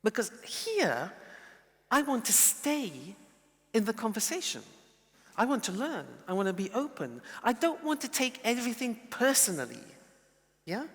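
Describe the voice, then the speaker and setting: Brief: animated male lecturer, mid pitch, long hall reverb. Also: unhurried. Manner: lively, playful, animated demonstrations. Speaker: teacher. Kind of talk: lecture with role-play.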